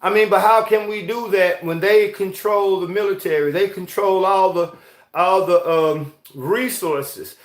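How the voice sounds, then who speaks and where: A man's voice: high-pitched, steady tone, a little slow, echoey room. A man hosting a rambling, heated commentary monologue, often asking "you see what I'm saying". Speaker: host.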